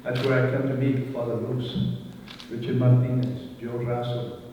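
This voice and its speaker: A man's voice: medium pitch, monotone, normal speed, dark tone, a little hiss or hum. A man from New York City giving a reflective speech to an audience, with dry humor. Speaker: photographer and speaker at a celebration. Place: large church hall. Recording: roomy church hall from far off, dull.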